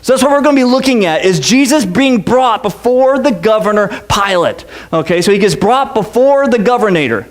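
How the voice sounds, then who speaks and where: A man with a notably high-pitched voice preaches in a church. His sermon is casual and joking, with frequent "okay"s and quick restarts. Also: lively intonation. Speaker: pastor.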